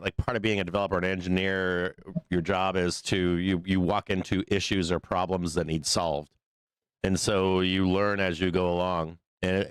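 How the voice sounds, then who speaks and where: Male host, deep and smooth but going hoarse from illness, loose rambling delivery with fillers. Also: dry recording. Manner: rambling, many fillers and restarts, hums to himself. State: losing his voice, still sick. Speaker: live stock market show host. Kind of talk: casual live-stream chat.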